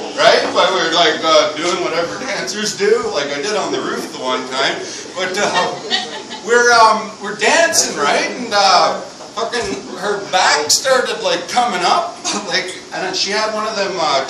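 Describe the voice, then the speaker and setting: A high-pitched man rambles through a loose, profane stand-up set and laughs along at his own jokes. He's heard from far off with no mic, in an echoey bar with noise all around. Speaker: stand-up comedian. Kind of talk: unprepared stand-up routine. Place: bar room with a live audience. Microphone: no microphone, heard from a distant camera.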